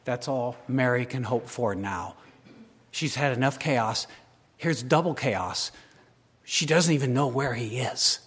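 A male preacher delivering a sermon, moving from hushed storytelling to loud, impassioned crescendos. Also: mid-range voice, a little slow. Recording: long hall reverb.

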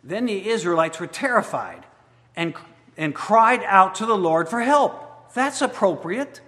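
This pastor's high-pitched, fairly bright voice moves with lively intonation at a slightly slow pace. He reads scripture aloud during his sermon and follows it with pointed rhetorical questions, all echoing with the long reverb of a large hall.

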